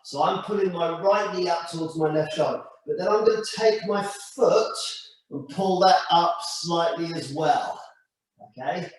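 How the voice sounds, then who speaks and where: A man with a slightly higher voice guides a stretching session in slow, calm step-by-step cues. He sounds a little distant from the mic. Strong echo fills the room around him. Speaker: stretching instructor. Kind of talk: guided exercise class. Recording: echoey room, mic far off.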